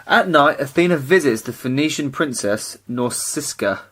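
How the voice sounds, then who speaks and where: Man, podcast co-host, dry teasing asides, reads a summary, mid-pitched voice. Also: lively intonation, fairly quick, fairly bright tone. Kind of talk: casual chat, reading a summary aloud.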